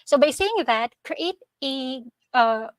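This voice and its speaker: Earnest high-voiced woman on a dry call. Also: lively intonation, slow pace, no room sound. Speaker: guest team member. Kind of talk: casual panel comment.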